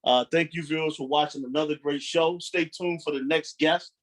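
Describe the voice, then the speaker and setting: A man hosting a casual interview show, speaking in a relaxed, easygoing way and signing off in a friendly tone. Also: on the high side, moderate pace. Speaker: show host, basketball coach.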